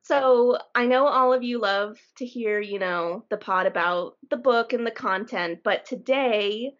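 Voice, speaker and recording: A woman's voice: on the high side, a little slow. A young woman co-hosting a podcast, chatting casually and laughing as she tells stories. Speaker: podcast co-host. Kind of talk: casual chat. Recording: dull lo-fi podcast mic.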